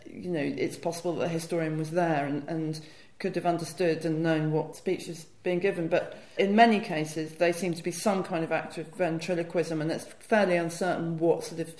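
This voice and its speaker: A woman's voice: sits low, fairly even intonation, normal speed, hardly any pauses, darkish tone, echoey room. A woman talking as a guest historian, explaining fluently and enthusiastically with frequent "you know" fillers. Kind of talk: conversational academic explanation.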